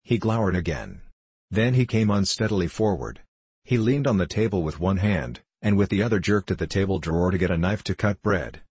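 Male audiobook narrator, very deep and husky, dry close sound. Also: expressive, brisk, a little mellow, no room sound. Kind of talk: scripted narration.

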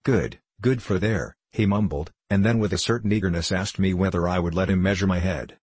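A man narrating a classic story aloud at a measured, even pace. His voice is deep and husky. The sound is dry and close, with no room around it. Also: no echo. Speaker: audiobook narrator.

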